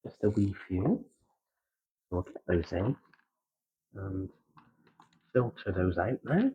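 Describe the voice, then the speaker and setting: A man with a Gloucestershire accent chatting softly in a slow, halting ASMR style, with many pauses and drifts into whispering, close to the microphone. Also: sits low, sing-song, lo-fi sound, a little hiss or hum. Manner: soft-spoken, slipping into whispers. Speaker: ASMR creator. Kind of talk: soft-spoken ASMR chat.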